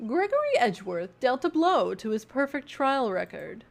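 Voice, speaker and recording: A woman's voice: sits high, big pitch swings, normal speed, creaky, exaggerated voice. A woman voicing an older male lawyer from a game, explaining things in a storytelling way. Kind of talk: reading game dialogue aloud.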